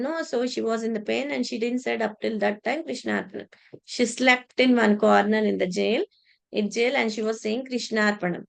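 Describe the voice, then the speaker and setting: A woman telling a devotional story in a religious class, halting with many restarts and repeated words. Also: on the high side, creaky.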